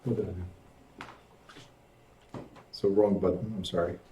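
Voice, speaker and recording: A man's voice: low voice, steady tone, unhurried, warm tone, slight background noise. A man instructing a real estate class in a direct, conversational way, checking in with his students. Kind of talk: casual classroom teaching. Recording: echoey classroom.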